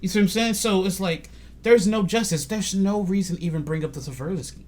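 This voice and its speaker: Animated male podcast storyteller. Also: a little fast. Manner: animated storytelling, quotes others in lowered voice. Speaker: podcast host. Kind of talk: casual conversation.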